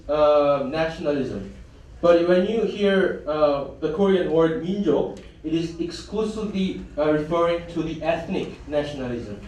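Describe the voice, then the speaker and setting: A man's voice: a little high, a little mellow, recorded from a distance, a little hiss or hum. A man giving a symposium presentation in a conference hall, hesitant, with many fillers and restarts. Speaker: conference speaker.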